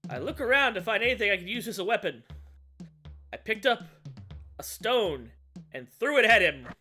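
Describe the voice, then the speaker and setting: A woman streamer narrating a comedic tabletop adventure, crude and animated with loud outbursts. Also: mid-range voice, moderate pace, soft background music. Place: home streaming setup.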